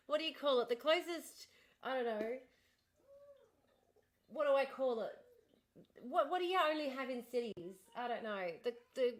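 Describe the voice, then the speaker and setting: A woman's voice: high-pitched, animated, measured pace, pauses often. A middle-aged woman from northern Australia with a posh Australian accent, chatting casually on a livestream and answering comments. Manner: chatty, reads and answers comments, laughs often. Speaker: livestream host.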